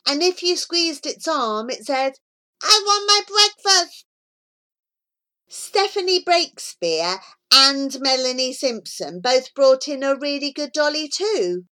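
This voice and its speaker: A woman narrating a children's book aloud, telling it in a lively, childlike first-person way. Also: sits high, measured pace, hardly any pauses. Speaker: audiobook narrator.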